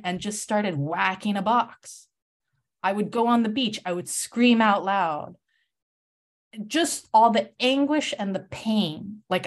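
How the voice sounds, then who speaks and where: A young woman guest on a podcast interview, telling a personal story with impassioned, emphatic bursts. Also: medium pitch. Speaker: self-defense coach guest.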